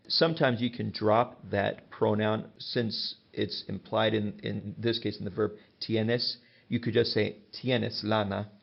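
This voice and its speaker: Gravelly low-voiced male teacher. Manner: patient and explanatory, with example sentences. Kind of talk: classroom grammar lesson. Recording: dull lo-fi sound.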